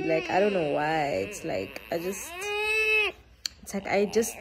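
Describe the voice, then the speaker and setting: A young woman, chatting casually to her phone camera for a vlog in a soft, rambling way full of fillers. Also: on the low side, takes it slowly, a crowd in the background. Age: 20s. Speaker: mom vlogger. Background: background music.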